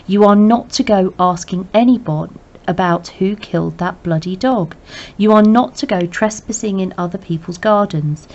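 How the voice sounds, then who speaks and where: A woman doing a stern scolding middle-aged dad, exasperated, clipped, lowish voice, dull lo-fi sound. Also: a little mellow. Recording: dull lo-fi recording.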